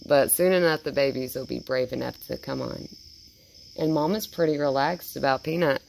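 A woman talking casually and cooing praise in a soft, baby-talk tone, outdoors at night. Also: rumbling low, normal speed, creaky, a little hiss or hum. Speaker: vlogger. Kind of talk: casual talk to a wild animal.

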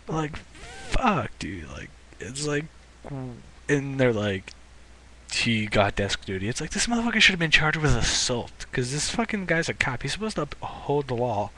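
A man's voice: a little high, very animated, normal speed, sharp tone. A young man ranting into the camera as a vlogger, swearing a lot and often restarting his sentences. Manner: profane and indignant, restarting often. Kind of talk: ranting commentary.

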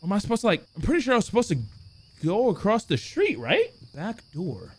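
A man playing a horror game and commenting, excitable, cursing, shouting, then muttering to himself. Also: high-pitched, a little fast, breathy edge. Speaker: gaming YouTuber.

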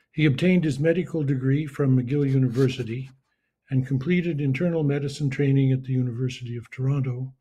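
A man moderating a forum, reading a prepared introduction of the speaker in a steady, formal way. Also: mid-range voice.

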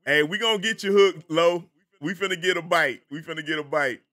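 A man's voice: on the high side, brisk, sharp tone. A man with a Southern American accent, from the Carolinas, casually chatting with viewers by name while streaming a game. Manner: laid-back, chatty, greets viewers by name.

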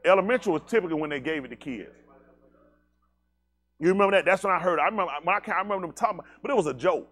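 Blunt, animated male pastor with a higher voice. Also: very fast, long pauses. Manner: animated, talks straight to listeners with rhetorical questions and laughs; blunt, uses slangy everyday speech. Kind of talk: conversational preaching to a congregation.

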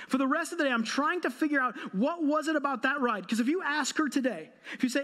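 A man's voice: extremely high pitch, expressive, quick pace, few pauses, bright, forceful tone. A man in his thirties, a pastor giving a sermon, telling a self-mocking, humorous story. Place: church.

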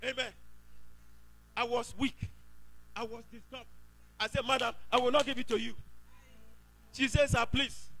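A high-voiced man with a Nigerian accent tells his faith story to a congregation. His tone is bright and forceful, and his telling is emphatic, with exclaimed praise along the way. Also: rough recording. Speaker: church member giving testimony. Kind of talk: church testimony.

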